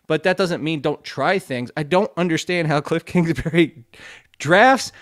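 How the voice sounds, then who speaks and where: A man talking sports on a podcast in a fired-up rant. His voice sits a bit high. He trips over his words and laughs at himself as he gets worked up. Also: measured pace. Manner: fired-up ranting, tongue-tied, laughing at himself. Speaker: fantasy football analyst. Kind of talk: casual podcast chat.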